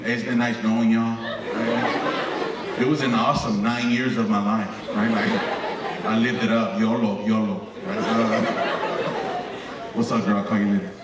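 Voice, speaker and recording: Lively male stand-up, roomy auditorium sound, crowd in the background. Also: lowish voice, unhurried, long pauses, very noisy. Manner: animated, lively storyteller with frequent tag questions. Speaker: comedian. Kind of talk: stand-up comedy storytelling. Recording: echoey hall from far off with crowd.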